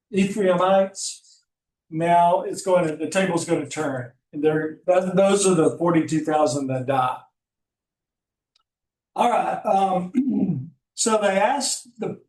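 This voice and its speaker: A middle-aged Bible teacher with a Southern Alabama accent, speaking in a relaxed, folksy lecture style with chatty asides. His voice sits a bit high for a man. It is picked up from some distance in a reverberant classroom. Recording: roomy classroom audio from a distant mic.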